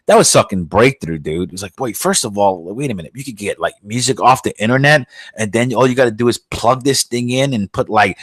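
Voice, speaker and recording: A man hosts a podcast, ranting bluntly and swearing freely. His voice sits at an ordinary pitch and is recorded dry, with no room sound. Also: brisk, few pauses, a bit bright, husky, dry recording. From New York. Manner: profane, blunt, heated ranting. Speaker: podcast host. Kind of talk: casual podcast rant.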